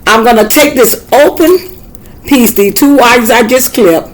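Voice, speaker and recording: A woman's voice: fairly high pitch, measured pace, low-quality recording. An older woman with a Southern US accent giving a casual, folksy how-to demonstration, chatting and repeating herself as she works. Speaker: craft tutor.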